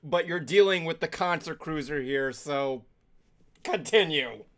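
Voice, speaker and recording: A man's voice: a little high, a little slow, fairly bright tone. Wry male podcast co-host. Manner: wry, interrupting, mock-announcer asides. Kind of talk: casual banter.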